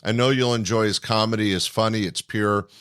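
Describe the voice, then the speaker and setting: A man hosting a comedy podcast, introducing a set in a relaxed, conversational way. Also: lowish voice, fairly quick, clean tone. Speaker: podcast host.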